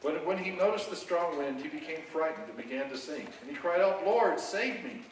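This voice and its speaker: A man reading a scripture passage aloud in a slow, measured way. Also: a little high, lively intonation. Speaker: scripture reader. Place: church sanctuary. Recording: echoey sanctuary, distant mic, faint hum.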